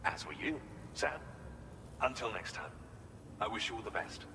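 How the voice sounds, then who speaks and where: A man's voice: fairly low pitch, big pitch swings, normal speed, vocal fry, pushed and bright, exaggerated voice. An actor playing a polite, formal male researcher in a video game, speaking with an English accent. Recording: reverberant game audio with music. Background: game music.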